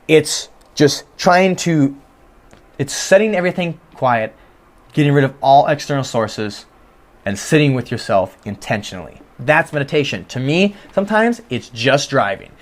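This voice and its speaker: A young man speaks alone into his podcast mic from his bedroom. He is earnest and self-reflective, circling back to repeat himself and restarting his sentences as he thinks out loud. The talk is loose and casual. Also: mid-range voice, animated, moderate pace. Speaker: podcast host. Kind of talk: casual solo podcast monologue. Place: home bedroom.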